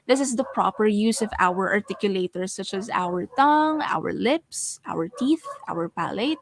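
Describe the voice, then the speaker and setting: A woman giving an online lecture on voice and speaking skills for teachers, speaking with clear, deliberate delivery and stressing her examples. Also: medium pitch, slight background noise. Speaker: webinar speaker on voice training for teachers.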